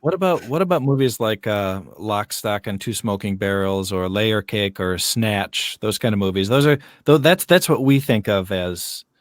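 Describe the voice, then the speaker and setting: A man's voice: lowish voice, moderate pace, few pauses, no room sound. American man co-hosting, dry sound. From United States. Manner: laughs often, asks questions. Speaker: co-host. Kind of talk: casual video chat.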